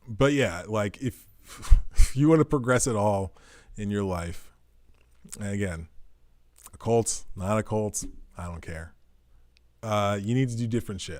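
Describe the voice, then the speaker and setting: A man's voice: on the low side, expressive, a little slow, long pauses, no echo. A man talking in a rambling, profane monologue with jokey asides, as the host of his own show. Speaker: podcast host. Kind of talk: casual monologue.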